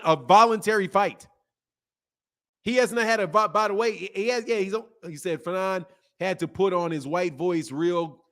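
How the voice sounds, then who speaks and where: A man with a high, light voice hosts a boxing live stream. He rants with sarcasm and heat, drops into mock pleading, then bursts out loud. The talk runs off the cuff in a casual stream style. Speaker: boxing channel host. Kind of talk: live-stream commentary and rant.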